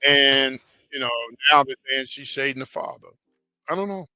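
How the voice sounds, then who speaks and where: Chatty bright-voiced gossip host man. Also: medium pitch, moderate pace, smooth, no room sound, soft background music. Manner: chatty, animated, calls viewers child, baby and y'all. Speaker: host of a celebrity gossip channel. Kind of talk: casual gossip commentary.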